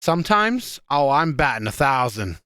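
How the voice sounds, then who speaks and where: A man's voice: mid-range voice, big pitch swings, moderate pace, sharp tone, clear, resonant tone, no room sound, studio quality. A man co-hosting a casual podcast, telling stories in an exasperated, profane, rambling way with many restarts. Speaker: podcast co-host.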